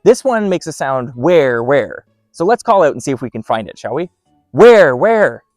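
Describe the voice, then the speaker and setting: An upbeat man hosts an outdoor educational segment beside wooded trails. His voice sits fairly high and moves around a lot as he explains things playfully. It sounds close and dry, with faint music in the background. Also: big pitch swings, quick pace, dry recording. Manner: upbeat and playful, doing owl calls. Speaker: park host.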